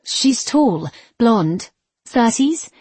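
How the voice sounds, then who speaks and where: A woman voicing a determined, quick-tempered young woman in a storybook reading, with a raised, eager questioning tone. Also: a little high, big pitch swings, darkish tone, husky, dry recording, voice pushed up, exaggerated voice.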